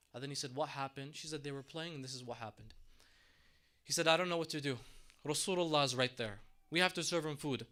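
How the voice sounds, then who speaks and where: A man's voice: a little high, fairly bright tone. A man preaching a sermon in a mosque, telling a story dramatically and acting out the characters' voices.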